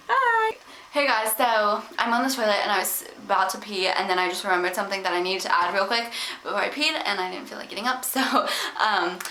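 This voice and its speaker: Chatty teen girl with a bright voice. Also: medium pitch, slight background noise, poor audio. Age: teens. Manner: chatty, says "like" constantly, rises to loud indignant retelling. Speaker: vlogger. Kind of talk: casual storytime vlog. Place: home, at one point in a bathroom.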